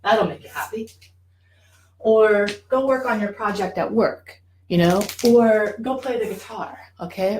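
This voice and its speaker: A woman coach explains things in a lively, casual teaching manner. She acts out little voices and keeps checking in with her listeners. Her pitch sits in a middle range. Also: low-quality recording. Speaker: addiction professional and life coach.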